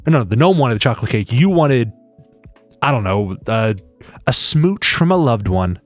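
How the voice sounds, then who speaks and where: A man's voice: medium pitch, lively intonation, moderate pace, no echo, soft background music. A man chatting casually on a live stream, rambling and joking with many restarts.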